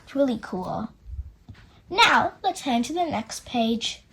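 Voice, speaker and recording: Slow, lively woman reading to kids. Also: on the high side, a little hiss or hum, low-quality recording. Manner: chatty, asides to young listeners. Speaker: storyteller for children. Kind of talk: children's storybook read-aloud.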